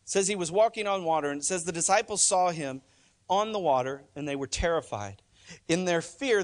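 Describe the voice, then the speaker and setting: A man's voice: a little high, expressive, normal speed. A male pastor preaching a sermon in church, talking conversationally and emphatically, often repeating phrases.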